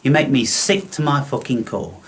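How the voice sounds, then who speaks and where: A man's voice: mid-range voice, very animated, moderate pace. A man delivering an angry, contemptuous, profane monologue as the host of his own channel.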